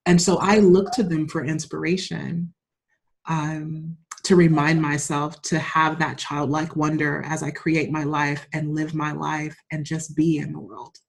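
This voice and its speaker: Woman, lowish voice, laughing, emotional storyteller, interview guest. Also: level tone, a little slow, vocal fry. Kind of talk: casual interview chat.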